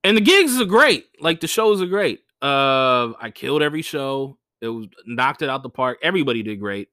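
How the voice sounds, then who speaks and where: Animated, bright-voiced male comedian storyteller. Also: moderate pace, no room sound, studio quality. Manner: animated, swears freely, acts out quoted voices with big pitch jumps. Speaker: stand-up comedian telling gig stories. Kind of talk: casual podcast storytelling.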